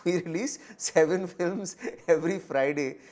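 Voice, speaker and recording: A man with an Indian accent answering interview questions in a fast, animated way, switching between English and Hindi. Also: a little high. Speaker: actor and comedian guest.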